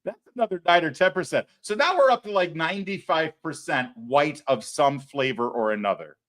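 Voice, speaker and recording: A man's voice: on the high side, brisk. A man hosting a live political commentary show, talking in a sarcastic, mocking way. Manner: sarcastic, mocking, animated delivery. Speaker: host.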